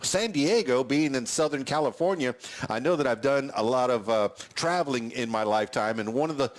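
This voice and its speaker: Male podcast host, from Florida, mid-pitched, rambling and hesitant delivery. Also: a little fast. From Miami, Florida. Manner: rambling, hesitant with many restarts. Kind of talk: podcast interview.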